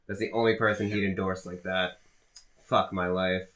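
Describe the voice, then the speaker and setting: A man's voice: low-pitched, flat delivery, moderate pace, a bit bright. A man co-hosting a podcast, recapping shows in casual chat with dry running commentary and a lot of swearing. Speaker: podcast co-host.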